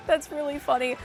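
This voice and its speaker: A woman co-hosting a livestream, excitable and self-mocking as she plays a racing game and chats with her viewers. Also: sits high. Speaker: livestream co-host playing a kart racing game. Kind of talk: casual livestream banter.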